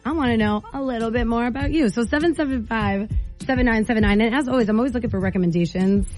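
A young woman hosts a morning radio show from the studio, her voice pitched a little high. She is chatty, bubbly and teasing with callers, and soft music plays faintly behind her. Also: fast. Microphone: studio mic.

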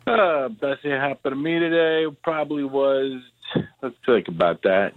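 A man calling in to a radio show, answering questions in a relaxed, unhurried way. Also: medium pitch, narrow, tinny audio. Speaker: radio caller. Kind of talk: call-in chat.

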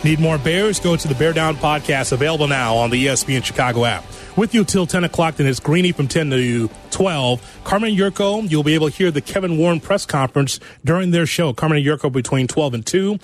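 A man's voice: on the high side, fairly quick, faint music behind. A man co-hosting a sports talk radio show in a studio, upbeat, laughing easily and reading station promos. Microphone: studio mic.

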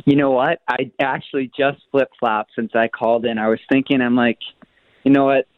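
A man's voice: medium pitch, fairly even intonation, normal speed, no echo. A man calling in to a radio show, rambling and hesitant with many fillers, over a tinny phone line. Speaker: caller. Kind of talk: casual call-in chat.

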